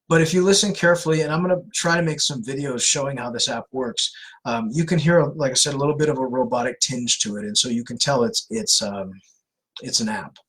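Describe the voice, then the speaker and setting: Husky-voiced man giving casual advice. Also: mid-range voice, a bit bright, rough recording. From California. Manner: earnest, conversational, many fillers and restarts. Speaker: host of anti-scam live Q&A. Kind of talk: casual live-stream advice.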